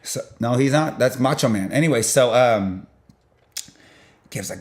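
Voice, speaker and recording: A man's voice: fairly quick, vocal fry. A young man telling a long story in a loose, rambling way, full of filler and sound effects. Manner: rambling, peppered with "blah blah" and "boom"; animated, jumps in loudness while retelling. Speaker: vlogger.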